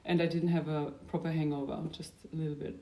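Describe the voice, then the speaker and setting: A young adult woman talking in a casual, rambling video diary. Her loudness drifts from sudden bursts down to near-whispers. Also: low voice, little pitch movement, quick pace. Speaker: diary vlogger.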